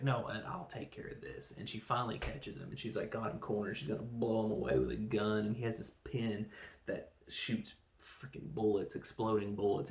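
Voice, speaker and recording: A man hosting a casual film review podcast, rambling through the plot and briefly acting out characters in quick voices. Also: fairly low pitch, echoey room. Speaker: podcast host reviewing films.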